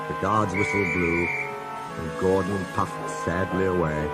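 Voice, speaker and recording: A man narrating a children's railway story in a steady, plain manner. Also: low-pitched, a little slow. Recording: music bed.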